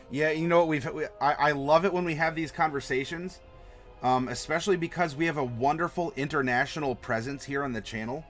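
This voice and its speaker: A man hosting a live map-design stream, chatting to viewers in an animated, playful way. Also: a little high. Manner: animated, playful, talks to chat. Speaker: host.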